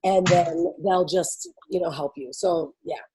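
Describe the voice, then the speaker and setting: A woman running an event briefing talks to attendees in an animated, unhurried way, her fairly low voice warm yet gravelly. She laughs often and keeps saying "like" and "you know" in her bubbly, casual explanations. There's slight background noise and the recording is rough.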